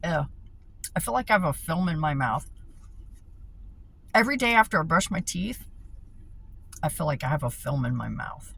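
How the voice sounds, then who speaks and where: A woman's voice: deep voice, animated, moderate pace, vocal fry, pauses often, fairly bright tone, breathy edge. A woman vlogging a casual rant, swearing freely, laughing often and repeating herself.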